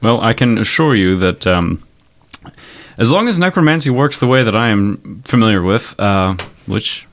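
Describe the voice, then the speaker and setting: A man's voice: fairly low pitch, animated, moderate pace. A man voicing a strange, formal adventurer who speaks in stilted, hesitant, overly polite phrasing. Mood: stiff polite. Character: odd formal creature adventurer, polite and wordy.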